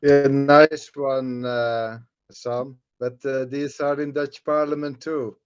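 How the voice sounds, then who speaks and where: A man speaking slowly and hesitantly in a casual group video call. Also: medium pitch, little pitch movement, smooth, no room sound, lo-fi sound.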